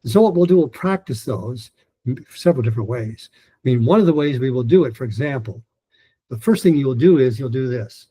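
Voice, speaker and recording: Older male teacher, warm husky voice, patient step-by-step demos of stretched sounds. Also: medium pitch, expressive, a little fast, rough recording. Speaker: pronunciation teacher. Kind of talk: online lesson with demonstrations.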